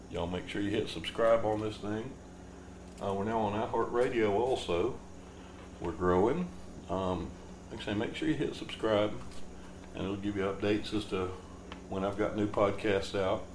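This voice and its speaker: A man's voice: lowish voice, normal speed. Rambling man hosting a podcast. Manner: rambling, jokey, laid-back. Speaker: podcast host. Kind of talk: casual comedic monologue. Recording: roomy echo with faint background noise.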